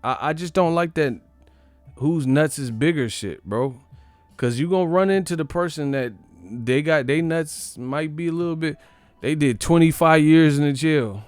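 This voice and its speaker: A man's voice: on the high side, normal speed, no room sound, faint music behind. A man hosting his own channel, ranting casually about boxing in a joking, profane, trash-talking way. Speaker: boxing commentator, channel host. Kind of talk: casual boxing commentary rant.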